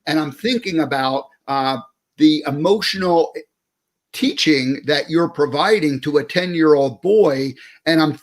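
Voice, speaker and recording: A man in his sixties hosting an interview, talking reflectively and haltingly with many restarts. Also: fairly high pitch. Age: 60s. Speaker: host. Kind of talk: casual interview chat.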